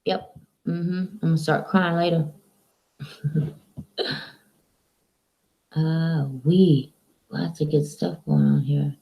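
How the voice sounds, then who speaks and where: A woman's voice: deep voice, fairly even intonation, takes it slowly, gravelly, long pauses, lo-fi sound. A woman streaming live from home, chatting in a rambling, casual way to her viewers and her dog.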